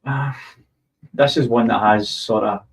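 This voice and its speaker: Lower-voiced Scottish football pundit. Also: male voice, fairly even intonation, a little slow, poor audio. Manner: chatty, thinking aloud. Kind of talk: casual chat.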